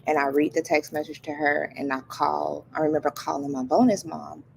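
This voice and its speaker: A woman's voice: deep voice, steady tone, brisk, vocal fry, background noise. A young woman guest in a casual chat, telling a story in a candid, matter-of-fact way.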